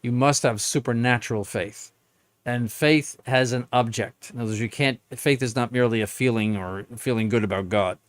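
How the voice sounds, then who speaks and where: A man's voice: medium pitch, normal speed, dry recording. An older man, a bishop, answering viewer questions on a live stream in a blunt, emphatic, plain-spoken way.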